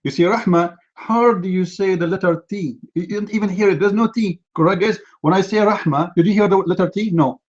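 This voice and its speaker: Man, debate host, combative, mocking, lecturing, slightly high voice, dull lo-fi audio. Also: brisk, hardly any pauses, darkish tone. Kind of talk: heated live online debate.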